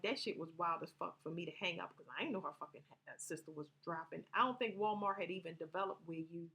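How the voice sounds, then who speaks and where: A woman's voice: fairly low pitch, bright, forceful tone. A woman vlogger telling personal stories to her viewers in a loose, rambling way, swearing freely and laughing as she talks. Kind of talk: casual storytelling to viewers.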